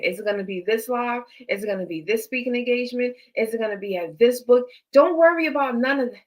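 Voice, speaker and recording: Woman, live-stream host; emphatic preacher-like cadence, slightly high voice, motivational dating talk. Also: a bit bright, poor audio. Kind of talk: motivational faith-based talk to viewers.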